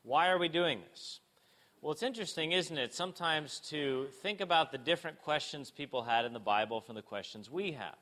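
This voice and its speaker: A man preaching a sermon, asking rhetorical questions and moving between emphatic and hushed delivery. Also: a little high, animated, fairly quick. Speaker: pastor.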